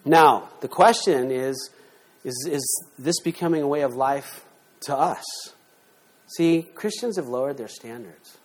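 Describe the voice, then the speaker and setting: A middle-aged man preaching a sermon, emphatic, with rhetorical questions and sudden swings in loudness. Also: medium pitch, measured pace. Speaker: pastor.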